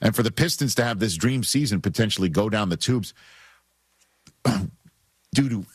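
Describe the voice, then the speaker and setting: A man's voice: lowish voice, expressive, moderate pace, slightly rough, no echo. A man with a New York accent hosting sports talk radio, making his points with emphasis and repeating them for effect.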